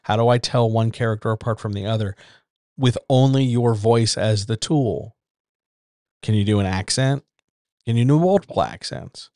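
A man's voice: lowish voice, moderate pace, darkish tone, no echo, studio quality. A man hosting a casual writers' chat from a small home room, bluntly lecturing with rhetorical questions. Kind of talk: casual advice monologue. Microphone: decent USB-style desk microphone.

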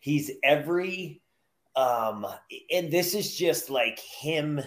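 Slow, laid-back male podcast host. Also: a little high, lively intonation. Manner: laid-back, drawn-out, frequent "yeah" and "uh". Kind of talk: casual conversation.

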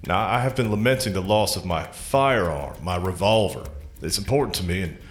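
A man voicing a one-armed male gunslinger who sounds bewildered and exasperated, often pitching up high. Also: fairly quick, close to an everyday voice. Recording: roomy recording with faint music.

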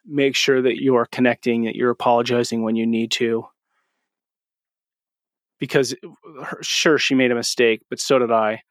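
A man's voice: medium pitch, little pitch movement, moderate pace, pauses often, no room sound, clean studio sound. A man in his forties hosting a podcast, telling personal stories in a casual, earnest, coaching tone. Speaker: podcast host. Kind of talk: casual storytelling monologue.

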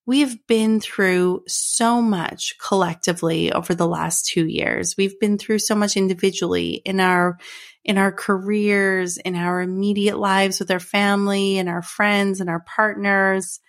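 A woman's voice: medium pitch, fairly even intonation, a little slow. A woman hosting her own podcast, talking in a heartfelt, earnest way with repeated phrases. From Canada. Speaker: podcast host. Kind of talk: personal podcast monologue.

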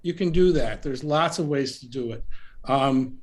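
A man being interviewed as an author on a podcast, talking in a gentle, unhurried way with frequent fillers and restarts. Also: mid-range voice. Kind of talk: reflective interview talk. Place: remote call from home.

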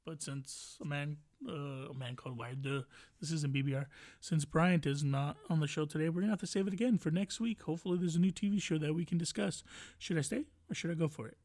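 Guy doing a solo podcast, joking around, cussing, mellow tone. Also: fairly high pitch, steady tone, fast. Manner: rambling, joking, profane riffing. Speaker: podcast host. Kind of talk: casual solo podcast chat.

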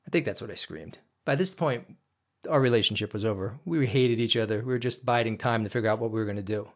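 A man's voice: on the low side, a little fast. A man hosting a podcast, telling a personal story in an earnest, intense, blunt way. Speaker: podcast host.

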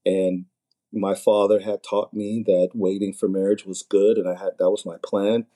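Deep, mellow-voiced man speaking hesitantly. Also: flat delivery. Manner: measured, hesitant with "um" pauses. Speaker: guest, husband. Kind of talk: personal storytelling on a podcast.

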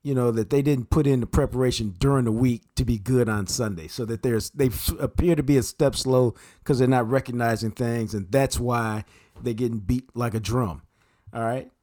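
A man co-hosts a casual sports talk podcast and breaks down football games. He talks in a laid-back, blunt, analytical way and speaks in a medium pitch. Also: moderate pace, darkish tone.

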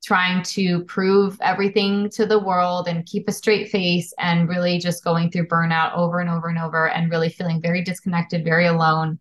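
A woman's voice: on the low side, little pitch movement, moderate pace, few pauses. A woman publisher as a podcast guest, telling personal stories earnestly and candidly. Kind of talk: casual interview chat.

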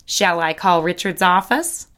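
An actress playing a polished saleswoman in an audio drama, speaking in a smooth, solicitous way. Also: lowish voice, animated, unhurried, a bit bright. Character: polished woman, attentive dress shop saleswoman.

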